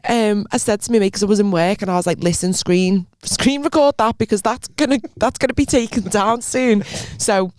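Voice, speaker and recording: A woman's voice: mid-range voice, a little fast, hardly any pauses, a little mellow, no echo, studio quality. A young adult woman co-hosting a podcast, bantering and teasing in casual comedic chat. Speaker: podcast co-host.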